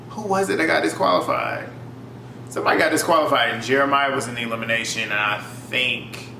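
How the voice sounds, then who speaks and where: A young man giving a casual, animated recap of a reality TV episode, laughing often and swearing freely. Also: mid-range voice. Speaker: YouTube reality TV reviewer. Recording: echoey room with faint background hum.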